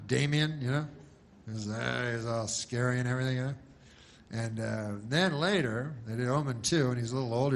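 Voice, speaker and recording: A man doing a stand-up comedy set, rambling and deadpan, halting with many restarts. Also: mid-range voice, a little hiss or hum.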